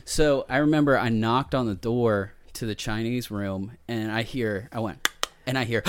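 A man telling a crude story in casual chat, profane and animated, acting out the voices he quotes. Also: medium pitch, normal speed, no room sound.

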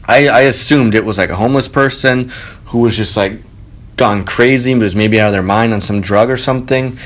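A man hosting his own podcast from a home studio, telling a story casually, animated and swearing freely. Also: fairly low pitch, normal speed. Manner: animated, swearing, quotes people with raised voice. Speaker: podcast host. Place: spare bedroom home studio. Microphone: home studio mic.

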